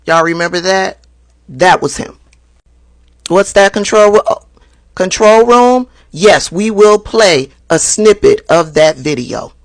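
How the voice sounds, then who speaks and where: A woman hosting a political commentary show, reading a news account aloud in a slow, deliberate way. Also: on the low side, dry recording.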